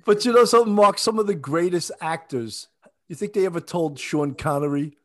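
A man with a thick Long Island accent telling stories in a casual chat. He is brash and laughs a lot, and his voice is somewhat higher than most men's. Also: moderate pace. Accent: Long Island New York. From Long Island, New York. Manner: brash storyteller, laughs often.

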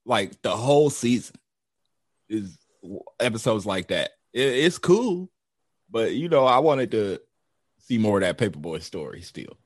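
Young guy co-hosting, laid-back and cussing, lowish voice, very animated. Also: measured pace, no echo, clean studio sound. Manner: profane, laid-back storytelling. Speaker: podcast co-host. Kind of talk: casual chat.

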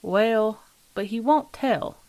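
A woman voicing a sly old landlady who talks in a slow, metallic, folksy drawl, coolly unbothered. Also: medium pitch, no room sound, close to an everyday voice. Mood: gossipy.

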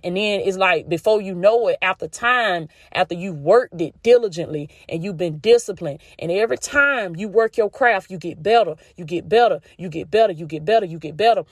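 A fairly low-pitched woman from the Southern United States hosts a podcast, giving a down-home, faith-based pep talk that repeats phrases for emphasis and addresses listeners as "baby" and "y'all." The audio is dry and cleanly recorded in a studio.

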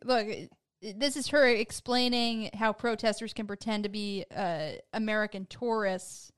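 Smooth-voiced woman in easygoing chat. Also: mid-range voice, measured pace, fairly bright tone. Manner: conversational, hedging with "like", laughs easily. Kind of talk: casual chat.

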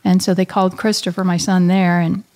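A middle-aged woman, a guest on an interview show, telling an emotional personal story in a halting, heartfelt way with many pauses and restarts. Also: fairly low pitch, flat delivery, darkish tone. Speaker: guest, a bereaved mother.

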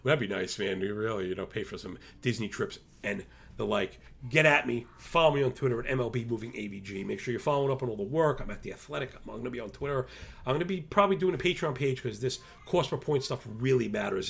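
A man hosts a podcast and talks loosely and excitably, jumping from one thought to the next. His voice sits at an ordinary pitch with a gravelly, fried edge. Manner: rambling, excitable, self-described motor mouth. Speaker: podcast host. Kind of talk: casual talk to listeners.

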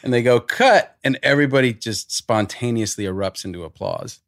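A man's voice: medium pitch, brisk, dry recording, clean studio sound. A man in his forties, a podcast guest, telling stories animatedly in casual chat and swearing freely. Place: podcast studio.

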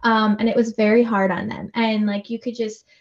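A chatty woman co-hosts a casual podcast, her voice sitting a little high. She laughs easily and fills her talk with fillers. The audio is a touch dull and muffled. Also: flat delivery, normal speed. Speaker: podcast co-host, mother, military spouse. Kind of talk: casual chat.

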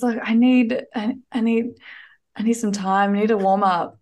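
A woman's voice: mid-range voice, fairly even intonation, moderate pace, darkish tone. A young woman with a New Zealand accent, chatting as a guest in a casual podcast interview, with plenty of fillers and restarts. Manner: chatty, self-deprecating, lots of fillers and restarts.

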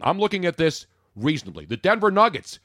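A man's voice: fairly high pitch, big pitch swings, brisk, fairly bright tone, dry recording, studio quality. A man hosting a sports talk show, emphatic and jokey, full of rhetorical questions.

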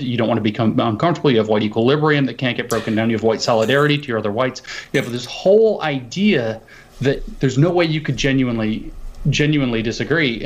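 A man's voice: medium pitch, dull audio. A man arguing his case in a heated conversation, stacking point after point in long lists. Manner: argues in long piled-up lists.

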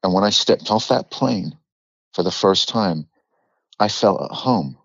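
A man's voice: low-pitched, measured pace, creaky, husky, dry recording, highs cut off. A man from England with a London accent, a guest actor telling stories in a casual podcast interview, swearing freely and acting out quotes. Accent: London English. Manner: animated storyteller, swears freely, acts out quotes.

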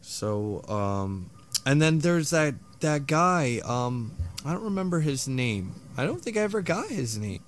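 A man's voice: on the high side, big pitch swings, measured pace, a little hiss or hum. A man co-hosting a podcast in casual chat, rambling with lots of fillers. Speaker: podcast co-host.

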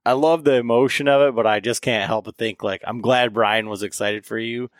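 A man's voice: mid-range voice, fairly even intonation, a little fast, dry recording, clean studio sound. A man hosting a podcast, chatting in an easygoing, teasing way with filler asides. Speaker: podcast host. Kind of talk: casual podcast chat.

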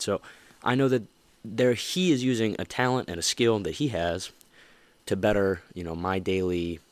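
A man with a low voice hosts a motivational podcast, rambling earnestly and looping back with "you know" and restarts. The sound is dry and close, with no room around him. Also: no echo. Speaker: podcast host.

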